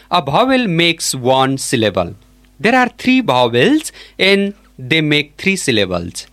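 A male teacher, giving a classroom pronunciation lesson and modeling each word slowly and deliberately. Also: on the high side, fairly bright tone. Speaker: English teacher.

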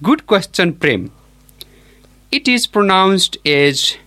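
A man teaching an English pronunciation lesson, modelling each word slowly and deliberately. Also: a little high, very animated, fairly bright tone.

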